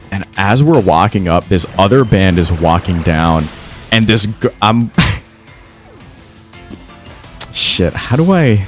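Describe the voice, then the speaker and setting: A young man with a low voice tells a story on a gaming podcast, his pitch swinging widely as he goes. He swears freely and trips over his words, restarting lines and stammering. Faint game music plays underneath. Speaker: podcast co-host. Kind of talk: casual storytelling while gaming.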